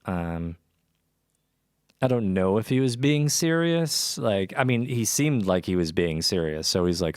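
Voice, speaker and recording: A man's voice: low-pitched, lively intonation, slow, smooth, dry recording, studio quality. A young man telling a personal story in a rambling, casual way with lots of restarts. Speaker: podcast host.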